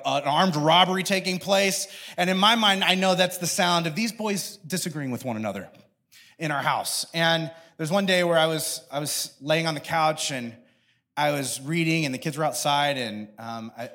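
A man with a notably high, light voice delivers a church sermon. He tells a family story with lively energy, slipping into his children's voices as he goes. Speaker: pastor. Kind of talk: sermon with personal stories.

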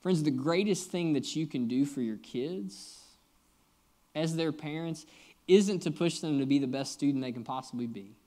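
A man in his thirties preaching a sermon, telling a personal story in an earnest, conversational way and speaking straight to his listeners, with big swings in pitch and volume for emphasis. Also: normal speed, dark tone. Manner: conversational, earnest, addresses the congregation directly. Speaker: pastor.

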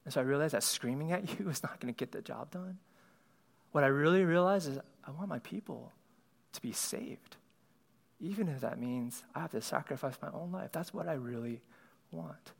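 A man's voice: a little high, normal speed, gravelly. A man giving a conversational sermon, laughing lightly and often asking his listeners "right?".

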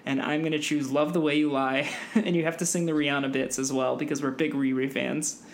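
A man's voice: a little high, little pitch movement, fairly quick, creaky. Easygoing young man who laughs often. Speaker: podcast co-host. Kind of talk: casual podcast chat.

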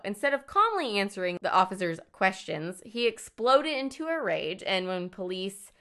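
Bright-voiced woman telling a crime story. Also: mid-range voice. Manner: swearing, joking, playful mock voices. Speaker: podcast co-host. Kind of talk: casual true-crime storytelling.

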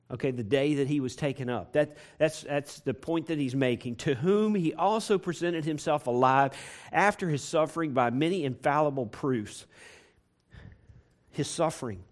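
A pastor preaching a sermon to his congregation in a church, repeating phrases and building to loud, emphatic peaks. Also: on the high side. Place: church sanctuary.

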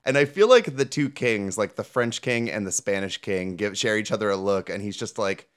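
A woman co-hosting a podcast in casual chat, retelling scenes with animated, acted-out quotes and laughter. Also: rumbling low, moderate pace. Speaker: podcast co-host.

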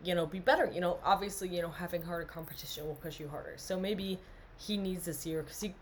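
A woman's voice: on the low side, fairly even intonation, quick pace, slight background noise. A young woman hosting a casual, tipsy sports podcast, rambling, laughing and reading off stats. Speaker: podcast co-host.

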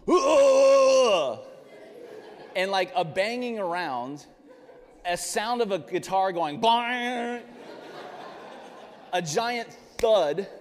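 Male pastor, animated, laughing storyteller, slightly high voice, reverberant church hall. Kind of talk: sermon with personal storytelling. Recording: long reverb of a large hall.

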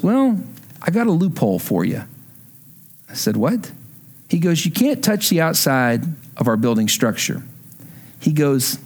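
Male pastor, middle-aged, high voice, animated storyteller preaching a sermon. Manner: storytelling, animated, rises in pitch when stirred.

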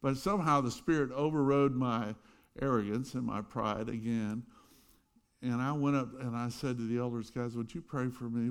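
A middle-aged man preaching a sermon, telling stories with loud bursts and quiet asides. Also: mid-range voice. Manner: animated storytelling, swings between loud bursts and quiet asides. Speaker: pastor.

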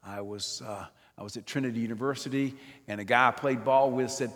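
An older man preaching a sermon in a church, swinging from loud emphatic lines down to near whispers. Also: mid-range voice, steady tone, brisk, in a large hall. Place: church nave.

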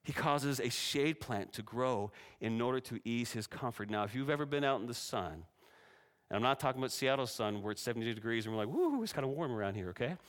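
A middle-aged man preaching a sermon, animated, acting out the lines of the figures he talks about. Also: brisk, clean tone. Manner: animated, voices God and Jonah with rising pitch and force. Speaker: pastor.

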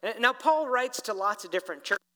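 Middle-aged pastor guy preaching, really high voice, long echo in a church hall, chats right at the crowd. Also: a little fast. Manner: storytelling, animated, addresses people directly. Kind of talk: sermon with personal story.

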